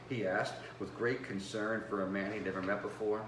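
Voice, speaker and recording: A man, the author and host, reading his own noir novel aloud in a measured first-person storytelling voice, recorded in a home kitchen. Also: on the low side, level tone, fairly bright tone, slight background noise. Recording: roomy with faint background ambience.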